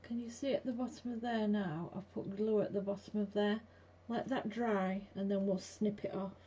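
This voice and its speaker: A medium-pitched, warm voice with a breathy edge and steady tone, moving at a moderate pace, belongs to a blunt, chatty craft streamer. She works in her home craft room, chatting with viewers throughout a casual demo. Dull lo-fi, faintly hissing sound.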